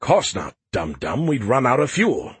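A man's voice: mid-range voice, big pitch swings, a little slow, breathy edge, dry recording, heavily acted. A man voicing a smug, boastful male alien AI that mocks the humans in a playful, snarky way. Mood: mocking.

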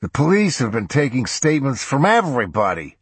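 A man's voice: mid-range voice, animated, slow pace, husky, dry recording, pitched above the performer's own voice, exaggerated voice. A man voicing a drunk middle-aged male art thief with slurred speech, read as an audiobook. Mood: sullen.

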